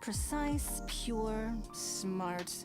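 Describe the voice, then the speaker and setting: Formal cutting noblewoman, dry and poised, over loud game music. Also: fairly high pitch, expressive, very slow. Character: poised, haughty aristocratic woman official.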